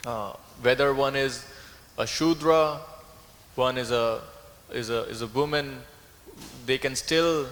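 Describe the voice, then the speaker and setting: A man's voice: mid-range voice, takes it slowly, a bit bright, in a large hall. A man speaking at a scripture class, thoughtful and searching for his words as he reasons through a point. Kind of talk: reflective class talk. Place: temple hall.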